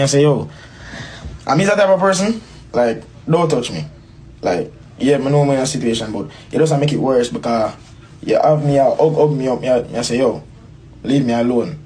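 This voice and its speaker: Young man, rambling storyteller, mellow dark tone. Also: medium pitch, slight background noise, low-quality recording. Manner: rambling, repetitive, peppered with bro and dog. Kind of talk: interview clip, personal story.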